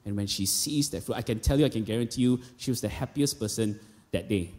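Malaysian pastor preaching in a big hall. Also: male voice, on the low side, fast talker, a little mellow. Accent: Malaysian English. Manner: storytelling with quoted voices, conversational asides. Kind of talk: sermon. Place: church auditorium. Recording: long reverb of a large hall.

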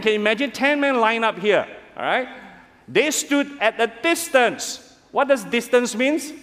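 A man preaching a sermon as pastor, animated and calling on the congregation to respond. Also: high-pitched, a little slow. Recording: reverberant hall.

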